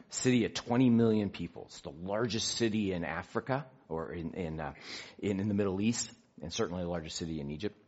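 A man in his fifties giving a personal testimony in church, an animated storyteller who acts out conversations and pokes fun at himself. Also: low-pitched, lo-fi sound. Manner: animated storyteller, acts out dialogue, self-mocking. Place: church sanctuary.

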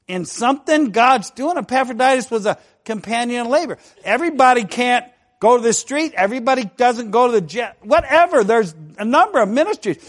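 An older man preaching a sermon as pastor, fervent, full of rhetorical questions and frequent amens. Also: high-pitched.

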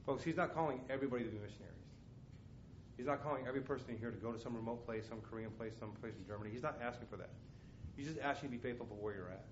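A man's voice: mid-range voice, racing, slight background noise. A man preaching a sermon as a missionary, telling stories with passion, acting out voices and repeating words. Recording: echoey room, dull lo-fi sound.

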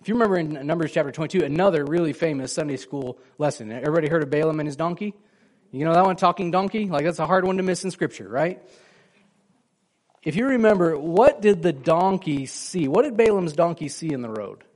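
Pastor, male, slightly high voice, chatty sermon delivery with questions to the congregation. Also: lively intonation, brisk, darkish tone. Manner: conversational, asks the congregation questions, acts out quoted lines.

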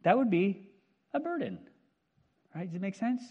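A man in his fifties preaching a sermon in a conversational, animated way, often checking in with "right?". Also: high voice, normal speed, husky, narrow, tinny audio. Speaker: pastor.

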